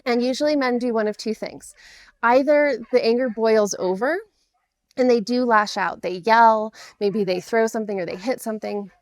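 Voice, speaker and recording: A woman's voice: on the high side, moderate pace, no room sound. Earnest woman coach, dry close sound. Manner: earnest, explanatory, reassuring. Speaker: divorce coach for men. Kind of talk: direct-to-camera coaching talk.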